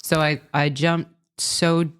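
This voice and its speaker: A woman's voice: low-pitched, level tone, takes it slowly, smooth. A woman in her forties, a podcast guest telling her story in a chatty way, full of "like" fillers. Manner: chatty, heavy use of "like" fillers. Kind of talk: casual storytelling interview.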